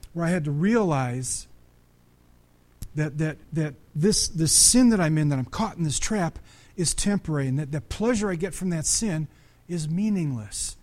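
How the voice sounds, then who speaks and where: Middle-aged male pastor, slightly high voice, lively conversational preaching with sudden loud peaks. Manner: restarts and repeats words often. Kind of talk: sermon.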